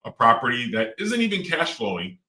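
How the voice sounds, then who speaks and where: Speaking fairly quickly, a middle-aged man who is a real estate investor and guest rambles casually with many fillers and restarts. His mid-range voice swoops wildly in pitch, bright and forceful. This casual interview is captured with a distant mic and roomy echo.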